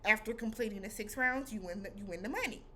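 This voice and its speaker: A woman hosting a casual recap vlog, speaking in an animated, slangy way and acting out her own reactions. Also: medium pitch, fast talker, a little hiss or hum. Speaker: vlog host reviewing a TV episode.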